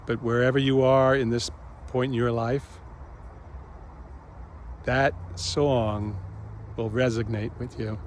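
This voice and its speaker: Slow, gentle man vlogging outdoors. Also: mid-range voice, flat delivery, slight background noise. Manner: slow, gentle, pausing often. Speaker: channel host. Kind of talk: reflective spiritual vlog.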